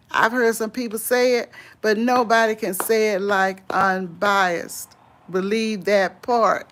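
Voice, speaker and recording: A woman talks to her live-stream viewers in an easy, unhurried way as she walks outdoors. Her pitch sits in a middle range, and she chats in a friendly, rambling manner with frequent laughs. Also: fairly bright tone. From Louisiana. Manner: unhurried, chatty, laughs often. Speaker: vlogger host. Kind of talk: casual live-stream chat answering viewers. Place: outdoors on a walk.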